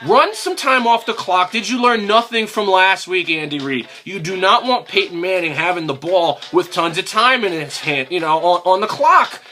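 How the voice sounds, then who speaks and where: A young man hosting a fan video, ranting in exasperation about his football team, swearing and climbing to near-shouts. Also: high-pitched, big pitch swings, moderate pace, faint music behind. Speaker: sports fan video host. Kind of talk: ranting football recap vlog.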